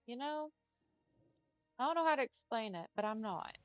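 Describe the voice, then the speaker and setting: A woman's voice: a little high, expressive, moderate pace, dry recording, lo-fi sound, faint music behind. A young woman with a Texan accent chatting casually with her viewers while she streams a game, saying "y'all" and "like" a lot. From Texas. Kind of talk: casual chat while gaming.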